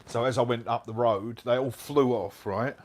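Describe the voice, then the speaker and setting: A middle-aged man telling a motorbike travel story in casual chat, animated and full of slang. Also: mid-range voice, normal speed. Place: hotel room, indoors.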